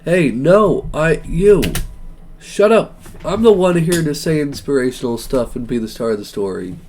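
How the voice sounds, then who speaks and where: A young man streaming a dating game, reading it aloud with excitable, joking reactions. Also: a little high, moderate pace, background noise.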